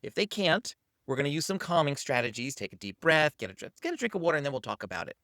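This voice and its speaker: A man's voice: fairly high pitch, big pitch swings, quick pace, fairly bright tone, no room sound, clean studio sound. A man hosting a parenting channel, teaching to camera in an upbeat coaching manner and acting out what to say to a child.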